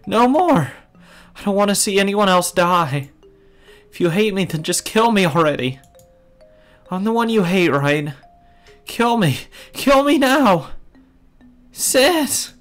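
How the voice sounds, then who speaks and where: A man doing a shrill, frantic trapped girl. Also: animated, slow pace, vocal fry, pauses often, fairly bright tone, soft background music, exaggerated voice. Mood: frantic pleading. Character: terrified trapped teenage girl, frantic, pleading.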